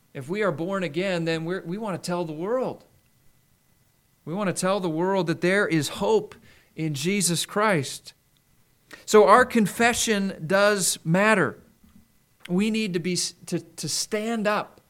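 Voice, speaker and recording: A middle-aged man preaching a sermon in an earnest way, slowing down for emphasis. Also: high-pitched, a bit bright. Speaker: pastor.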